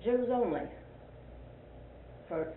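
A woman's voice: a little high, expressive, extremely slow, far from the mic. An older woman leading a Sunday school Bible class in a folksy, questioning way, often repeating points for emphasis. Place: church classroom. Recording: echoey, tinny lo-fi recording with faint hiss.

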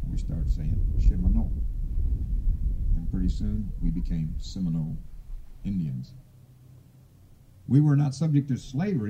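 A man from Florida giving an informal oral history talk, unhurried and rambling, with frequent hesitations. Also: on the low side, slightly rough. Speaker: tribal speaker. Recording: dull lo-fi recording.

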